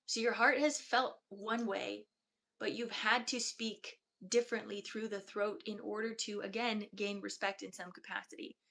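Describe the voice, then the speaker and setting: A woman energy healer giving a slow, soft-spoken, meditative channeled reading. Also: on the high side.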